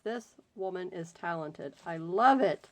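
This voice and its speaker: A woman's voice: on the low side, lively intonation, no echo. A woman hosting a crafting video, casually chatting as she unboxes gifts and gushes over each one. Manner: gushing, exclaims often, slow drawn-out delight. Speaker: crafting channel host. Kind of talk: unboxing happy mail, casual chat.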